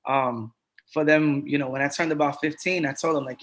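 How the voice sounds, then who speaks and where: A man's voice: a little high, fairly even intonation, fairly quick, a bit bright. A middle-aged man talking earnestly and casually as a podcast guest, streetwise and given to repeating himself. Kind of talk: casual conversation.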